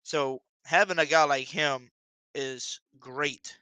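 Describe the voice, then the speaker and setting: A young man runs his own football fan video and talks to his viewers with open excitement. His voice is bright and crisp, recorded dry and close. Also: fairly high pitch, slow pace, no room sound, low-quality recording. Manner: excited, addresses viewers directly. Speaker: sports fan video host. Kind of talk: casual fan commentary.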